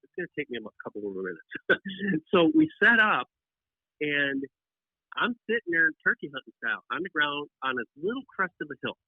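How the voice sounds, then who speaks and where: Animated man telling stories over a phone line. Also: a little high, normal speed, no echo. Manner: animated, rambling with many restarts. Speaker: podcast guest, deer hunting writer. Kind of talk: casual storytelling. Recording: tinny phone-line audio.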